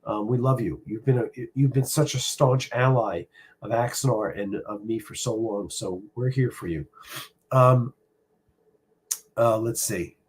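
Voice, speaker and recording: A middle-aged man hosting a casual live stream from home, speaking personally and reflectively, halting often with fillers. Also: mid-range voice, breathy edge. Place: home room.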